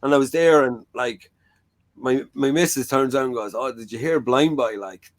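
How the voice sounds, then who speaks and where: A man's voice: medium pitch, moderate pace, no room sound. A man hosting a talk show, chatting frankly and rambling with lots of "like" and "you know". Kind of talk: casual chat.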